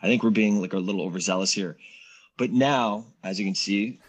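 A man's voice: on the low side, brisk. A middle-aged man chatting as a guest in an interview, talking in loose, restarting sentences. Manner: rambling, many restarts. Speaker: guest actor. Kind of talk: casual interview chat.

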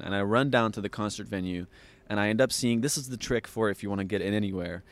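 Animated storytelling man, podcast guest. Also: on the low side, fast. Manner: lively, laughs often, acts out others' lines.

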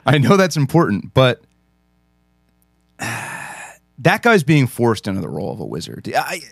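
A man's voice: mid-range voice, slow pace, gravelly, no room sound, studio quality. A man co-hosting a podcast in casual chat, profane and joking as he riffs on pop culture. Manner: profane, joking, animated riffing. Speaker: podcast co-host.

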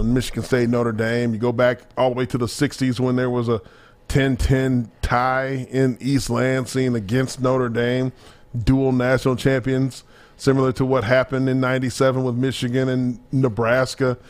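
A man co-hosting a casual sports talk show, chatting and bantering about college football. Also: medium pitch. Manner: animated, laughing banter. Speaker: co-host.

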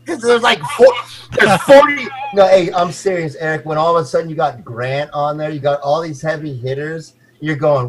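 A man in his forties, slightly tipsy, rambling excitably and swearing through a casual chat. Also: a little high, brisk, low-quality recording. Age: 40s. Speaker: guest on a call.

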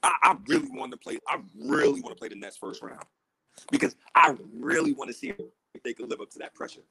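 A man trades heated, joking sports talk on a podcast. His voice sits high and leaps all over the place, with a gravelly, husky edge. The sound is dry and close. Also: quick pace, low-quality recording. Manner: animated, jumping pitch, heated and joking. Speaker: podcast co-host. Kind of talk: casual sports podcast chat.

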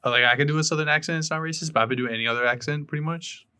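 A man's voice: a little high, rapid-fire, pushed and bright, clean tone. A young man co-hosting a podcast, joking offhandedly in casual chat. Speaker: podcast co-host.

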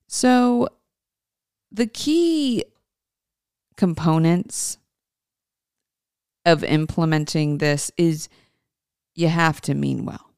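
Woman, podcast host, casual chat, gravelly fry, smooth resonant tone. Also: sits low, drawn-out words, long pauses, a little mellow, no echo, clean studio sound. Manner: chatty and informal, addresses listeners as folks.

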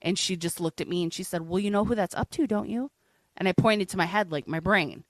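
Earnest woman with a low voice. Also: no echo. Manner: halting, earnest, frequent restarts. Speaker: interview guest. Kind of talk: candid personal interview.

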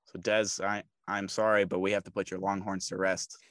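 A man's voice: deep voice, little pitch movement, normal speed, a bit bright, no room sound. A man co-hosting a sports podcast, talking casually and emphatically about college baseball. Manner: emphatic, repetitive, fired up. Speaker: podcast co-host.

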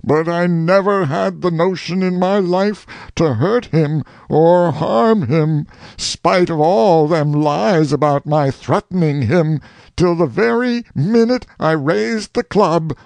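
A high, gravelly old farmer pours out an anguished confession, raging and pleading with slow, drawn-out words, as a male audiobook reader puts him on. The recording is dry and close. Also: expressive, dry recording, full character voice. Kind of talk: audiobook reading.

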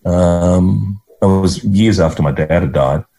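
A man's voice: low-pitched, takes it slowly, dark tone, soft background music. A middle-aged Australian man, a guest in an interview, telling heartfelt, rambling stories full of restarts. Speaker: guest, actor and writer. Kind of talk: reflective conversational interview.

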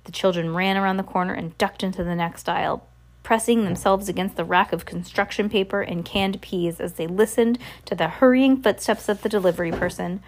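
A woman's voice: medium pitch, a little fast. A woman reading a novel aloud in a casual way, with small slips and restarts. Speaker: reader.

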